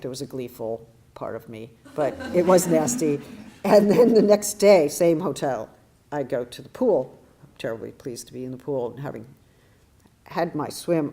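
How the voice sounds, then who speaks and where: Low-voiced woman lecturing with wry anecdotes. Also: dark tone. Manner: thoughtful, wry, self-deprecating storyteller; frequent restarts and hesitations. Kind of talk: academic lecture with personal anecdote.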